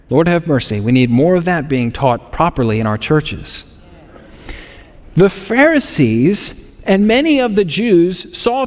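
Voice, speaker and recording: A man with a high voice preaches to his congregation, earnest and now and then dryly sarcastic. His voice rings out with a long reverb, as in a large church hall. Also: darkish tone. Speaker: pastor. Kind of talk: sermon.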